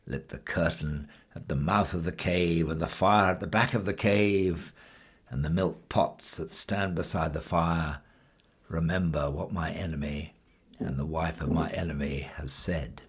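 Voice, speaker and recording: A man's voice: low-pitched, fairly even intonation, measured pace, breathy edge. A man voicing a proud, sly male wild cat in a storybook reading, haughty and wheedling by turns. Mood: solemn.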